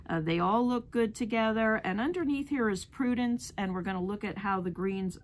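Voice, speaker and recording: Slow-talking woman teaching a craft. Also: mid-range voice. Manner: chatty, explains fabric colors one by one. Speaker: rug hooking teacher. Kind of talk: demonstration lesson.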